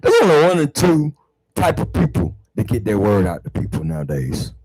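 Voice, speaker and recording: Man, husky, swings his pitch widely, dry close sound, heated cursing rant, repetitive. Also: huge pitch swings, moderate pace, no echo, poor audio. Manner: heated, swearing, repeats words, swings from mutters to shouts. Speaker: online show host. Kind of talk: profane spiritual rant to viewers.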